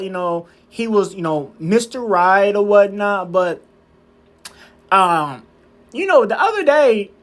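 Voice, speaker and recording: A man's voice: sits high, fairly bright tone, pitched above the performer's own voice. A man voicing a sassy young woman gossiping with her girlfriend, rambling and profane with lots of fillers.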